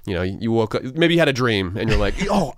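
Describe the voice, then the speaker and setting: A man's voice: on the low side, animated, fast, no echo, studio quality. A man co-hosting a personal finance podcast, chatting casually and explaining news stories with a joking manner. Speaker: podcast co-host. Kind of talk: casual chat.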